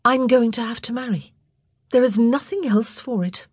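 A woman voicing a patient young woman who gently soothes her younger siblings in an audiobook. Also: a little high, normal speed, breathy edge, no room sound, clean studio sound, pitched above the performer's own voice. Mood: resigned.

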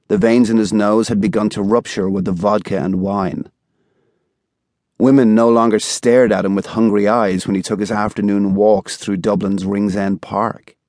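A man reading a thriller audiobook in a measured, even storytelling style, recorded on a studio microphone. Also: lowish voice, dry recording. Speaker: audiobook narrator. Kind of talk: scripted narration.

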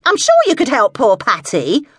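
A woman's voice: fairly high pitch, huge pitch swings, moderate pace, breathy edge, no echo, clean studio sound, pitched above the performer's own voice, heavily acted. A woman voicing a querulous, pushy older woman on the phone, whiny and impatient, for an audiobook. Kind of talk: audiobook dialogue.

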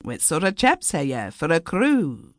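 A woman's voice: deep voice, huge pitch swings, unhurried, no room sound, clean studio sound, voice pushed up, full character voice. A woman voicing a cheeky, cheerful young Scottish lad with a chirpy, boastful way of talking.

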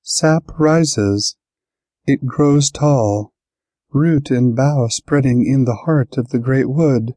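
A man's voice: medium pitch, slow pace, warm tone, no echo, clean studio sound, pitched above the performer's own voice. A man voicing a small cryptic tree-dwelling creature in an audiobook, speaking in riddles. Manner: cryptic, oracular.

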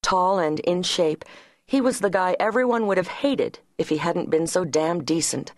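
A woman with a fairly low voice reads an audiobook in a measured, even way. The recording is dry and close, with no room sound. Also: no echo. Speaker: audiobook narrator. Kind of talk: scripted audiobook narration.

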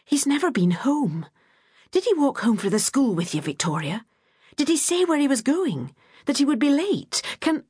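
A woman's voice: mid-range voice, big pitch swings, moderate pace, breathy edge, no echo, studio quality. A woman narrator voicing an anxious working mother who fires off urgent questions.

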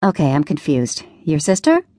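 A woman voicing a frank, wry woman on a dinner date who talks in a brisk, teasing way. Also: sits low, huge pitch swings, mellow, no echo, clean studio sound. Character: confident, wry Italian-American woman on a date.

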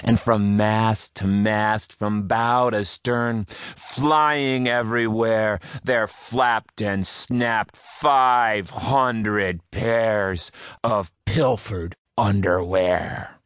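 Male storybook narrator, sing-song rhyming delivery, unhurried pace. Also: on the low side, fairly even intonation, a bit bright, clean tone, dry recording. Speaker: audiobook narrator. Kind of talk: reading a rhyming story aloud.

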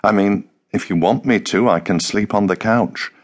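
A man voicing a gentle, soft-spoken young man. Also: lowish voice, moderate pace, close to an everyday voice. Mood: tender. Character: gentle, tender young male artist. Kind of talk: audiobook character voice.

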